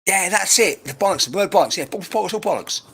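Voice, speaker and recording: A man's voice: high-pitched, animated, fast, a bit bright, slightly rough. Rambling man giving a live reading. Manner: chatty, rambling, bantering, swears casually. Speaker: medium. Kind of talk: live-streamed mediumship reading. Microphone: webcam mic.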